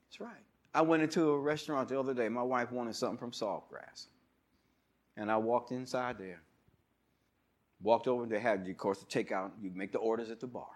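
A male pastor with a mid-range voice preaches with animation, his delivery ranging from loud shouting to quiet asides. Stories told with laughter and call-and-response with the congregation fill the sermon.

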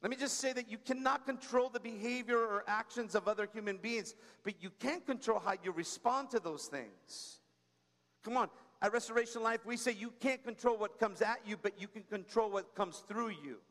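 A man delivering a sermon in a high, light voice, talking to the congregation like a friend and telling stories with humor. He keeps prompting the room with quick asides. His voice trails off into a long reverb from a large church space. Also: a bit bright. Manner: conversational preaching, frequent "come on" and "right?"; tells personal stories with humor. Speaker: pastor.

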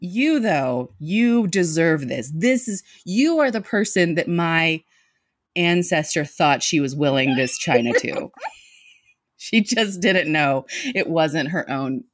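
Lively, self-mocking woman telling a funny story. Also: low voice, takes it slowly, no room sound, studio quality. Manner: animated, self-mocking, laughs mid-sentence. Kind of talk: comic personal storytelling to a live audience.

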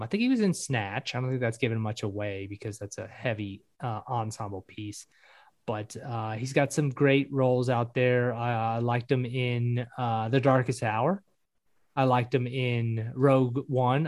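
A man's voice: medium pitch, unhurried, a little mellow, no echo. A man from the American South chatting casually on a podcast, rambling and correcting himself as he speculates.

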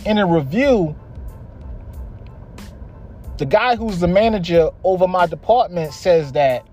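High-voiced young man ranting bluntly. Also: measured pace, a little mellow, soft background music. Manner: heavy swearing, blunt and exasperated. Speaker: podcast host. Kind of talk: casual storytelling monologue.

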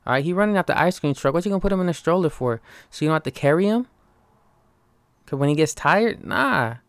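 A young man delivering a swearing, animated comic rant, often checking in with "right?". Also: on the high side, quick pace, clear, resonant tone, no echo.

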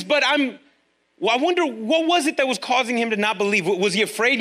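A man preaching a sermon, animated, acting out quoted voices and asking the audience questions. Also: very high voice, a little fast. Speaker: pastor. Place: church room with online viewers.

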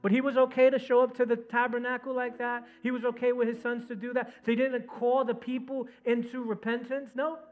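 A man preaching a sermon to his congregation, swinging from loud, urgent exhortation down to soft, low storytelling. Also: monotone, a little fast, hardly any pauses, narrow, tinny audio. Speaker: pastor.

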